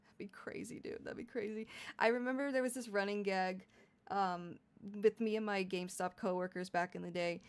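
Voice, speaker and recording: A woman's voice: mid-range voice, steady tone, normal speed, clear, resonant tone. A young adult woman chatting casually on a live stream, giggly and rambling, laughing often. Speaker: VTuber streamer.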